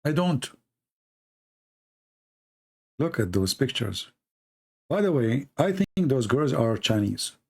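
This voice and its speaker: A man hosts an online show in a loose, mocking monologue. His English is non-native and full of slips and restarts, and his pitch sits in the middle range. He keeps breaking into laughter at his own jokes. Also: very animated, measured pace, vocal fry, a little mellow, husky. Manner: rambling with frequent restarts and fillers. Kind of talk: casual mocking commentary.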